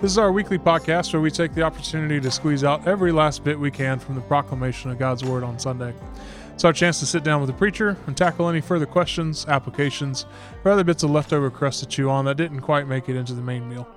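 A man's voice: on the high side, fast talker, soft background music. A man, a pastor hosting a casual podcast chat who laughs easily. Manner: relaxed, chatty, laughs easily.

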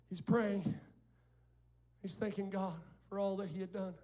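A male pastor with a strikingly high voice delivers a sermon in a church. He tells stories, voices the people in them, and draws the congregation in with call-and-response. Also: normal speed, pauses often. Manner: animated storytelling, quoting others and calling on the congregation. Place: church sanctuary before a congregation.

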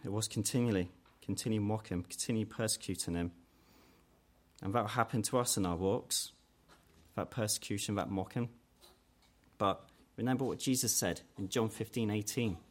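A man preaching a sermon in an earnest way, growing louder and higher when he voices quoted challenges. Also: normal speed. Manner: earnest, rises in pitch and force when quoting mockers.

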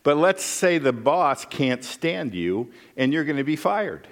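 A man's voice: a little high, very animated, measured pace. A middle-aged male pastor preaching a sermon in a folksy, conversational way, telling stories and checking in with his listeners. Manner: folksy, conversational, with frequent "right?" asides. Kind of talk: sermon with storytelling.

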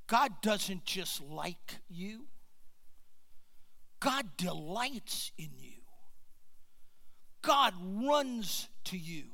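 A middle-aged man preaching a sermon as a pastor. He tells earnest personal stories and sometimes drops into a hushed, near-whispered delivery. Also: high-pitched, gravelly.

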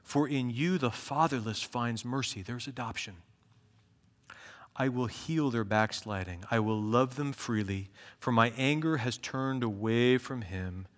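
Earnest preacher in a reverberant hall. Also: male voice. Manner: earnest, swells to emphatic peaks then drops low and slow. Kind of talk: expository sermon.

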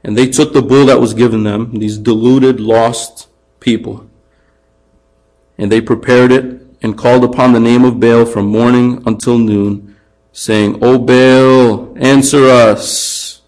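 A man preaching a sermon, animated, acting out taunts in a raised voice and dropping quiet for emphasis. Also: mid-range voice, a little slow, low-quality recording. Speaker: pastor.

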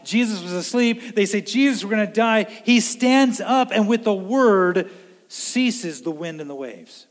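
A man preaching a sermon in an earnest way, swinging between loud emphasis and hushed low lines. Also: lively intonation, unhurried, in a large hall. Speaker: pastor.

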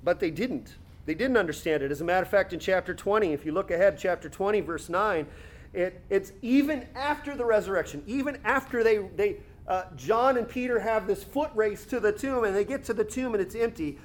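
A man with a bright, high voice preaches a sermon. He reads scripture passages aloud and then unpacks them conversationally. He slows and stretches words to stress a point. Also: expressive. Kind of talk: expository sermon.

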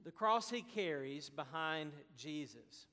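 A man preaching a sermon as pastor, slow and deliberate with emphatic pauses. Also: fairly high pitch, expressive, bright, forceful tone, long reverb tail.

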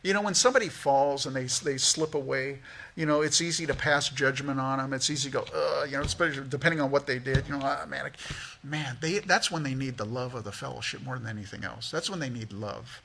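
A male pastor preaching a sermon in a church, talking conversationally with lively asides. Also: mid-range voice, quick pace, vocal fry, slight background noise. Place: church sanctuary.

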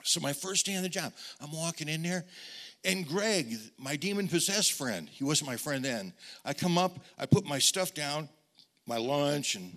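A middle-aged male pastor preaching an animated storytelling sermon, often repeating words and speaking straight to the congregation. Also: a little high, moderate pace.

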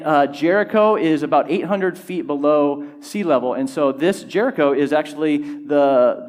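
A man preaching a sermon, stepping through a Bible passage verse by verse and rising in pitch and volume when he quotes the shouting. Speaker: pastor.

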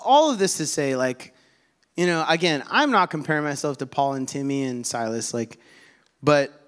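A man preaching a sermon in a relaxed, conversational way, with asides to the congregation. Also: on the high side.

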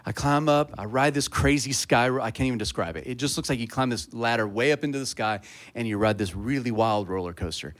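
A male pastor preaching to his congregation. He tells a personal story in a loose, chatty way, then lifts his voice into loud, fervent calls. His voice sits at an ordinary middle pitch for a man. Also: a little fast.

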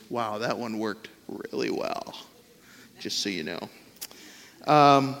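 Man, pastor, sermon, casual tone, slightly higher voice, long hall reverb. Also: fairly bright tone. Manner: conversational, acts out quoted voices.

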